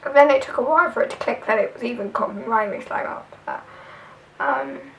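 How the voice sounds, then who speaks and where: A woman's voice: a little high, a little fast, gravelly, distant mic, low-quality recording. A young woman with a southern English accent, chatting casually through a tag video with lots of fillers. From southern England. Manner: chatty, rambling, filler-heavy. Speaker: vlogger.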